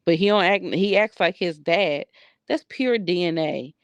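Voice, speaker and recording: Gravelly-voiced middle-aged woman, frank. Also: fairly low pitch, measured pace, no echo. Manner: frank, blunt and conversational. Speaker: psychic medium. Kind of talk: candid personal video journal.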